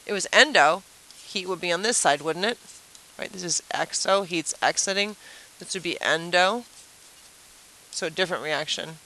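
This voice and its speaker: Bright-voiced woman teaching at a whiteboard. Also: lowish voice, normal speed, long pauses, slight background noise, poor audio. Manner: chatty, asks the class rhetorical questions; explains with playful everyday comparisons. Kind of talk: whiteboard review lesson.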